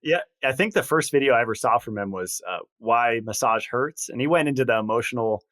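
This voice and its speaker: A man with an ordinary mid-range voice hosts a podcast. He reacts warmly to his guest and adds his own reflections at an easy pace. The recording is dry and close. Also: mid-range voice, lively intonation, a little fast, dry recording. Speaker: podcast host. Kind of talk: casual podcast interview.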